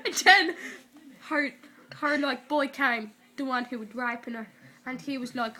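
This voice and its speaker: A woman with an Irish accent rambles through a story recap, chaining every event with "and then" and breaking into giggles. Her voice sits high and sounds bright and sharp. She talks casually to someone filming her. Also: fairly even intonation, moderate pace. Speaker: person retelling a TV episode to camera. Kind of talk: casual retelling. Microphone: handheld camera recording.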